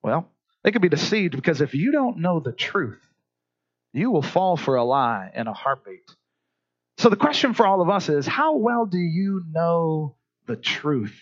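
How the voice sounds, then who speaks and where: A man's voice: a little high, highs cut off. A man preaching a sermon as pastor, talking conversationally, asking the congregation questions and repeating his words. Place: church service.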